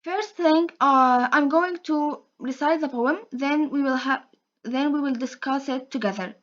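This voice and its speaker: A young woman with a high voice gives a slow, careful class presentation, stopping to restart and repeat her phrases. The recording is dull and lo-fi. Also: a bit bright. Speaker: student presenter.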